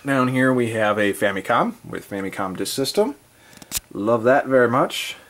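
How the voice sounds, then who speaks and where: A man's voice: medium pitch, lively intonation, normal speed, fairly bright tone. A man with a stuffy, congested voice, casually rambling through a tour of his game collection with lots of fillers. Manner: rambling, filler-heavy, enthusiastic about gear. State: congested and breathing heavily from allergies. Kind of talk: casual off-the-cuff tour narration.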